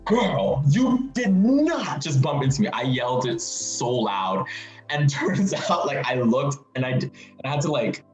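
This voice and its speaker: A man's voice: echoey room, poor audio. A young man, a university student, casually telling a funny story and acting out the voices of the people in it. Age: young adult. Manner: animated, acts out voices in high pitch. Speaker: student panelist.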